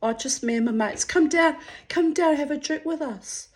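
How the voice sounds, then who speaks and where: A man's voice: very high-pitched, moderate pace, voice pushed up. A woman voicing a cheeky, anxious man who stammers and wheedles on the phone from a pub. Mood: pleading.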